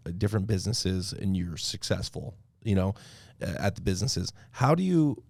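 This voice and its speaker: Creaky low-voiced man hosting a podcast chat. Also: mellow, dry recording, studio quality. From Idaho. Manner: rambling, conversational storyteller, many fillers. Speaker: podcast host. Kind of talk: casual interview chat.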